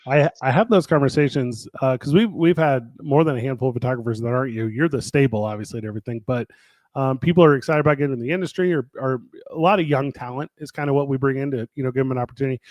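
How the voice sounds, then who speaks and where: A man's voice: medium pitch, fast, a little mellow, no echo. A man hosting a casual chat about a wrestling promotion's year, talking in a rambling way with many fillers and restarts.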